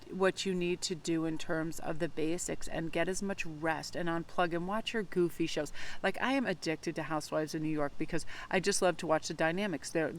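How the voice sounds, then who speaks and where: A woman tarot reader talking casually to her viewers in a vlog, effusive and rambling with lots of fillers. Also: fairly low pitch.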